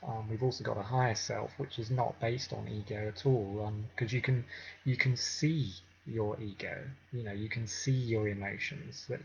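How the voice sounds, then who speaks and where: A man talks through a mindfulness lesson in a relaxed, conversational way, pausing on frequent ums. His mid-range voice has a gravelly edge. The recording sounds dull and lo-fi, with a faint hiss behind him. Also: on the low side. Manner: unhurried, conversational, many filler ums. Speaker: mindfulness teacher. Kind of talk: informal teaching talk.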